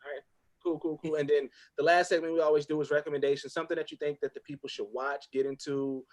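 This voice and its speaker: A man hosting a podcast, relaxed and affirming in casual interview chat. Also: a little high, fast. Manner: relaxed, affirming, brief replies. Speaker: podcast host.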